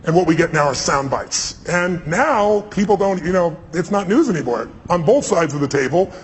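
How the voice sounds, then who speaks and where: A man telling stories on stage to a live audience in an animated, emphatic way, sometimes repeating words. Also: fairly high pitch, normal speed, breathy edge. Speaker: guest speaker on stage. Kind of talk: energetic on-stage storytelling. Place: large hall with live audience. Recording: reverberant hall, faint ambient noise.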